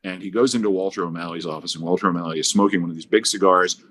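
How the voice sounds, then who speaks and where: A man's voice: low-pitched, fairly even intonation, racing, fairly bright tone, a little hiss or hum. A man guesting on a podcast, telling anecdotes with big swings in his voice and acted-out quotes. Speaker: guest broadcaster.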